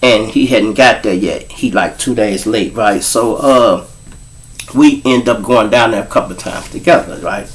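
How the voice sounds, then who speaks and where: A man's voice: fairly low pitch, normal speed. A man from Chicago hosting his show, telling a story in a casual, profane style full of street slang. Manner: profane, street slang, addresses listeners as y'all. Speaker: host, storyteller.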